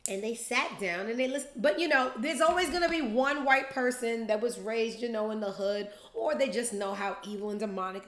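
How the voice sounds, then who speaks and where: A woman's voice: fairly high pitch, fairly quick, few pauses. A young adult woman hosting a show, telling a profane story casually and acting out other people's lines in different voices. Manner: animated, profane, acts out quotes in different voices. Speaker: podcast host. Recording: roomy echo.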